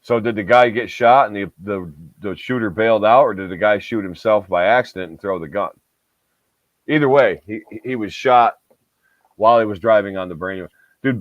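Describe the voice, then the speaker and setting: On the low side in pitch, this Southern Tier New Yorker co-hosts a podcast, chatting casually in a rambling, profane way loaded with filler words. There's no room sound in the dull, lo-fi, dry recording.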